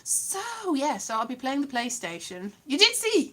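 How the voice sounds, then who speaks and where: A woman's voice: sits high, a little slow, few pauses. A woman chatting casually to camera in a playful, silly vlog. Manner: playful, animated, silly asides. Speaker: vlogger.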